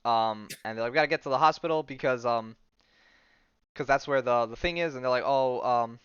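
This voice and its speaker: A man's voice: medium pitch, fairly quick, a bit bright, smooth, no room sound, dull audio. A man hosting a podcast, recapping comics in a casual, rambling way, full of "like", "um" and slang. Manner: rambling, heavy use of "like" and "um"; enthusiastic slang, says "dude" and "bro". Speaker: podcast host.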